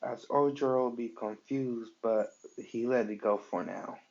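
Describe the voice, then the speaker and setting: A man improvising a fan story aloud, halting often with fillers. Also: mid-range voice, fairly even intonation, darkish tone, no echo. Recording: dull lo-fi recording.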